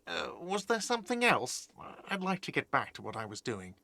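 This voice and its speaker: A man's voice: on the high side, huge pitch swings, normal speed, gravelly, sharp tone, heavily acted. An actor playing an irritable, sarcastic male hostel manager in a game, talking curtly. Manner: curt and sarcastic. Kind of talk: game voice acting.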